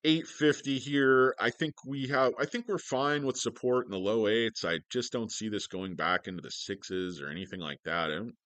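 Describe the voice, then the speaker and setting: A man's voice: mid-range voice, normal speed, few pauses, fairly bright tone, no room sound. A man hosting a stock-market livestream, joking, swearing and rambling as he greets viewers.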